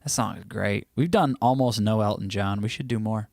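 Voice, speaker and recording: A fairly low, darkish male voice with vocal fry moves at a moderate pace over a dry, studio-quality recording. He's an American hosting a relaxed stream from home, playfully reading chat comments aloud and now and then singing.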